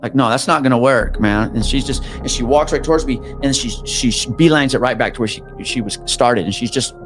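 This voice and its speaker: A man at a middle pitch recounts a story in loose, conversational podcast talk. He shifts his voice for the people he quotes, sometimes going quiet and hushed. Faint music runs underneath. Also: brisk. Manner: animated, acts out quoted people, drops to hushed tones. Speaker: podcast guest telling a story.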